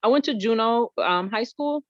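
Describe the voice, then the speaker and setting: A woman in her forties from Gary, Indiana, with a slight Southern twang, telling animated stories as a podcast guest. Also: a little high, normal speed, no echo. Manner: animated, expressive storyteller. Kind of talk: casual conversational storytelling. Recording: dull lo-fi recording.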